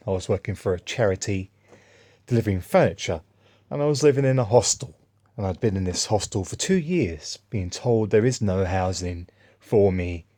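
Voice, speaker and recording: Un hombre con acento inglés que cuenta historias en un vlog, de forma dispersa y con tono de agravio. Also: male voice, fairly low pitch, mellow. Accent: English. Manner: rambling, aggrieved, restarts often. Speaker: vlogger. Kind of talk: casual spoken monologue, storytelling.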